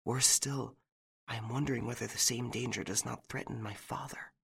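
A man's voice: on the low side, sing-song, moderate pace, a bit bright, pitched above the performer's own voice. A man reading an audiobook, voicing an anxious, frightened young French woman from a country estate in a raised voice. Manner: anxious, breathless and pleading.

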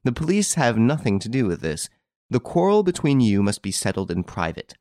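A man reading the lines of a calm, composed gentleman who quietly takes charge, with a gentle, insinuating manner. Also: mid-range voice, brisk, no room sound, clean studio sound, pitched above the performer's own voice, close to an everyday voice. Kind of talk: audiobook character reading.

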